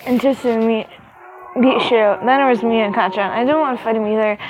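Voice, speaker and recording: A woman's voice: fairly high pitch, steady tone, a little fast, a little hiss or hum. A young woman reading a fanfiction story aloud, breaking off into rambling, giggly asides full of fillers. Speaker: fanfiction reader.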